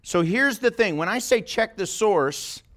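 A man's voice: high-pitched, lively intonation, unhurried, fairly bright tone. A man preaching an informal sermon to a small group, talking conversationally and often asking his listeners questions. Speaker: pastor. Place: church meeting room, live-streamed.

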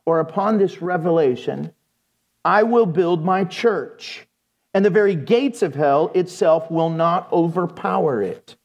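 Conversational man preaching a sermon. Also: fairly high pitch. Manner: conversational, animated storytelling with playful asides.

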